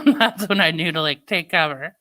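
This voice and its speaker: A chatty woman talks casually to her viewers, breaking into laughter as she tells stories. Her voice is bright and forward, sitting a little low in pitch. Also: measured pace. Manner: chatty, laughs often, storytelling. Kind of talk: casual chat.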